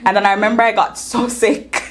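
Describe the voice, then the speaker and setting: A woman from Jamaica, a guest in an interview, telling her story in a casual, upbeat way with quick bursts and easy laughter. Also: mid-range voice, flat delivery.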